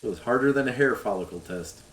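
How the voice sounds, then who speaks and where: A man's voice: mid-range voice, expressive, fast talker, a little hiss or hum. A man chatting candidly on a live stream, rambling and leaning on lots of fillers. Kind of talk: casual live-stream chat. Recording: roomy echo, faint game music. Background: faint game music.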